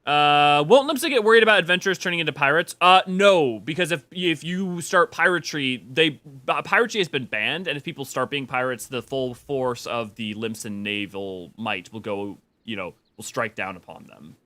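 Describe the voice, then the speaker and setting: A man's voice: fairly high pitch, normal speed, hardly any pauses, bright, forceful tone. A man streaming a game, chatting with viewers in a rambling way with many restarts. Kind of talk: casual game stream commentary.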